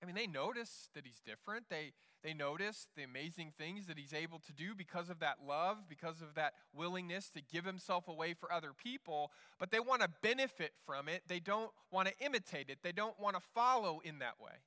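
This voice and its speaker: A man's voice: sits high, animated, fairly quick, hardly any pauses, sharp tone, big-room sound. A male pastor preaching a sermon in an earnest way, often repeating words as he restarts.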